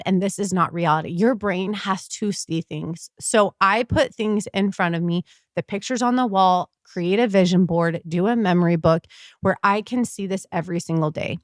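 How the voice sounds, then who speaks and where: A woman's voice: medium pitch, normal speed, no echo, studio quality. A woman in her thirties hosting a podcast, talking earnestly and with enthusiasm in a casual motivational monologue. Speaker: podcast host.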